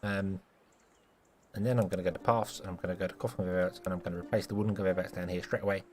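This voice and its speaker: A man's voice: deep voice, fairly even intonation, very fast. Chatty man streaming a game. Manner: chatty, self-mocking, scolds game characters playfully. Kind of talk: casual gameplay commentary.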